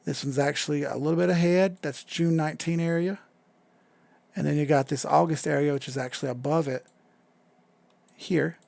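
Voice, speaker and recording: A man's voice: fairly high pitch, fairly even intonation, normal speed, vocal fry, pauses often, a little mellow, no echo. A man hosting a crypto live stream, talking casually and rambling while he charts, swearing now and then and reading out chat. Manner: laid-back, rambling, swears casually, reads chat aloud.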